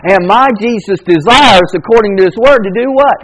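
Male pastor, fifties, high voice, emphatic preaching, soft tender passages. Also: fairly quick, few pauses, rough recording. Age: 50s. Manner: preaching with rising, emphatic repetition; drops to soft, tender tones. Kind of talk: sermon.

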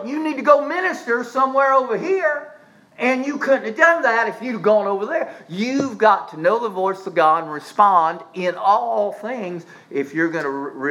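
A male pastor preaches with dramatic swings from soft asides to shouted emphasis, at times drawing his words out slowly. His voice is high, and the recording quality is low.

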